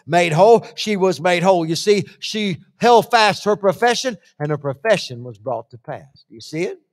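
A man preaching a sermon, swinging from hushed asides to shouted lists and acting out the voices he quotes. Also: high voice, expressive, normal speed. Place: church hall. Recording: long church-hall reverb.

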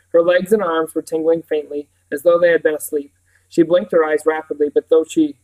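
A man reading a novel aloud, his voice sitting a little higher than most men's. He keeps a measured, steady storytelling pace from sentence to sentence. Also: poor audio. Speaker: reader.

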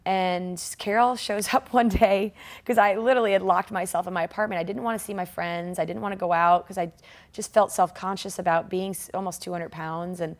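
Woman in her forties, animated, laughing, acts out quotes, casual interview. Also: mid-range voice, a little fast. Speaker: triathlete guest.

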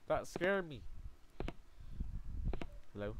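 A man doing let's play commentary from a room at home, excitable and prone to yelps and shrieks when scared. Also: high voice, takes it slowly, long pauses. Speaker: gaming YouTuber. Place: home room with a fan running.

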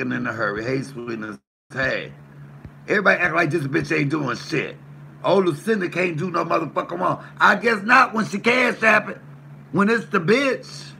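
A man's voice: mid-range voice, creaky, bright, forceful tone, slight background noise. A man hosting his own livestream, cursing and confronting his chat with emphatic, repeated lines, then answering commenters. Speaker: YouTube livestream host. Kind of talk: heated livestream rant reading chat.

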